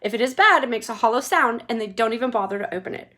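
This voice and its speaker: A woman doing an excitable eccentric candy maker. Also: fairly high pitch. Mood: explaining. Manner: brisk, theatrical, impatient.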